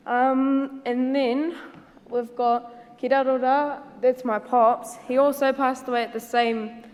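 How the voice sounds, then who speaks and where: A woman's voice: high-pitched, little pitch movement, takes it slowly, darkish tone, long reverb tail. A woman with a New Zealand accent giving a personal presentation at a symposium, speaking casually and hesitantly with many ums and Māori words mixed in.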